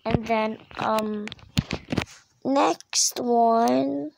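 A woman's voice: on the high side, fairly even intonation, extremely slow, gravelly, background noise. A woman vlogger in casual chat, explaining her voiceover voices in a hesitant way, full of ums and restarts.

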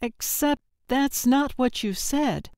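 A woman's voice: high-pitched, slow pace, a little mellow, dry recording, studio quality, pitched above the performer's own voice. A woman voicing a practical young woman who speaks in a reassuring, down-to-earth way. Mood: weary.

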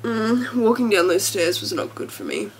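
A woman's voice: medium pitch, wildly swooping pitch, moderate pace, a little hiss or hum. A young woman talking casually to camera at home as a vlogger, chatty and gushing with lots of fillers. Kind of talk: casual vlog chat.

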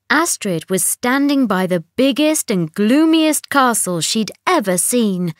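A woman reads a children's bedtime storybook aloud. She takes it slowly, with a lively, expressive lilt, and the recording is dry and close. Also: mid-range voice, no room sound. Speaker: storybook reader.

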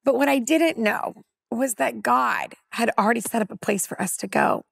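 A woman in her forties from California, a women's pastor, telling a personal testimony on a talk panel as a lively storyteller who acts out dialogue. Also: fairly high pitch, normal speed, creaky, no room sound, clean studio sound.

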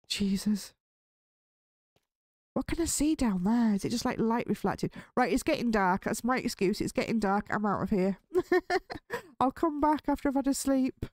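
Chatty woman narrating relaxed gameplay. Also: mid-range voice, measured pace, pauses often, no echo, studio quality. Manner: chatty, easily spooked, nervous laughs. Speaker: gaming channel host. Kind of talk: relaxed Minecraft let's play commentary.

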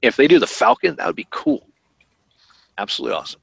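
A man's voice: mid-range voice, sing-song, fast talker, gravelly, fairly bright tone, breathy edge, no room sound, rough recording. A man hosting a podcast, chatting casually and thinking aloud with fillers about collectible toys. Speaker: podcast host.

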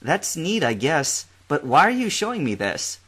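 A man's voice: fairly high pitch, big pitch swings, moderate pace, sharp tone, breathy edge, pitched above the performer's own voice, full character voice. A man doing a wry teenage boy. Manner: casual, slangy, wry. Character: sarcastic teenage boy trainer, easygoing.

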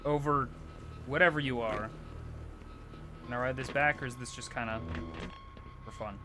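A man giving chatty, excitable live commentary while streaming a video game, swearing casually. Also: mid-range voice, moderate pace, loud music behind the voice.

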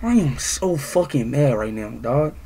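A young man livestreaming, ranting loudly with heavy swearing and repeating himself over and over. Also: medium pitch, lively intonation, measured pace, slight background noise. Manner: loud, profane, repetitive ranting. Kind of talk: angry livestream rant.

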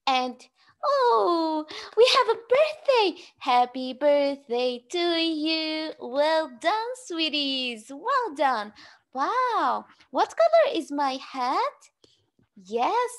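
A young woman teaching English to small children, speaking slowly and cheerfully in an exaggerated, clearly spoken way. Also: high-pitched, big pitch swings. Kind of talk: sing-song lesson talk to small children.

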